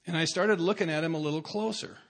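A man with a fairly high-pitched voice tells a personal story to a recovery meeting. He is wry and pokes fun at himself as he speaks. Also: quick pace, creaky, a bit bright. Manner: wry, self-mocking storyteller.

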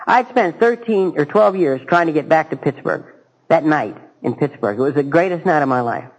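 A man giving a halting, earnest personal testimony to a recovery group, with dry self-mocking humor. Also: fairly high pitch, animated, low-quality recording. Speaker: speaker sharing his recovery story.

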